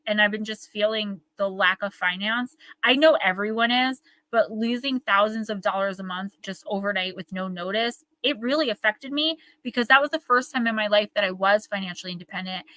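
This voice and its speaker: A woman's voice: mid-range voice, fairly quick, few pauses, sharp tone, no echo, rough recording. A young woman hosting a live oracle card reading, talking in a rambling, earnest, emotional way. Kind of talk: live-stream card reading, casual chat. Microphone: live-stream microphone.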